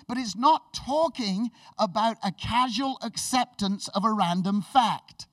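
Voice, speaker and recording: A man preaching a sermon with enthusiastic, animated storytelling, laughing and restarting as he goes. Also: sits high, moderate pace, few pauses, no echo, recorded from a distance.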